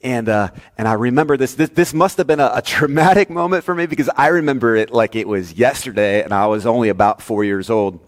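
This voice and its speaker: A male pastor preaching a sermon, telling a story with lively swings between loud, emphatic lines and hushed, soft ones. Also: medium pitch, a little fast, few pauses, big-room sound.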